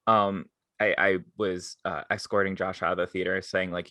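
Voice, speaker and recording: Young male podcast co-host, animated storyteller who does voices for people he quotes, bright tone, dry close mic. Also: low voice, normal speed, no echo. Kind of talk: casual chat.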